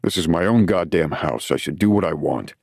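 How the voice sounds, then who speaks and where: A bitter, grumbling young hockey player complains, read by a man in a deep voice. The voice is low and gravelly. It sounds close and dry. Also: animated, fairly quick, a little mellow, dry recording, full character voice. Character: grumpy, resentful young male hockey player.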